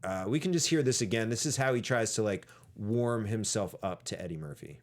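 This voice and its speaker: A man's voice: on the low side, lively intonation, fairly quick. A man hosting a film podcast in a casual, chatty way, often acting out lines from the movie. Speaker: podcast host.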